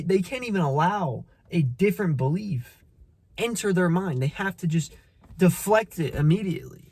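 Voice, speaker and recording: Speaking on the high side with a slightly mellow, breathy edge, this man is a motivational vlogger giving a casual, blunt, profane talk. He preaches at the listener, says the same phrases again, and trips over restarted sentences. There's no echo.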